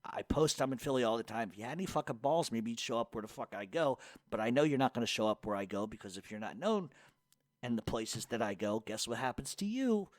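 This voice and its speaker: A man's voice: mid-range voice, animated, fast, dry recording. Profane, mocking man host. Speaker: radio show host. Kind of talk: reading and answering hate mail.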